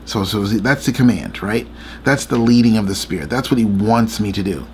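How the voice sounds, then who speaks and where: Gravelly man in an earnest faith chat. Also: fairly low pitch, normal speed, slight background noise. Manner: earnest, repetitive, confiding. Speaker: faith vlogger and co-host. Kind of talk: late-night faith chat.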